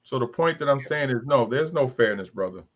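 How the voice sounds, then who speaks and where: A talk show host in his fifties leads a candid panel discussion, telling stories and acting out other people's voices to make his points. His mid-range voice is animated and a little fast, and the sound is lo-fi.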